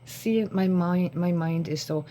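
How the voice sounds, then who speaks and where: A woman's voice: lowish voice, unhurried, dark tone, slight background noise. A woman vlogging to her phone at home, talking casually and rambling from thought to thought, short on sleep. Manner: rambling, jumps between thoughts. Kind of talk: casual talk to camera. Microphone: phone camera.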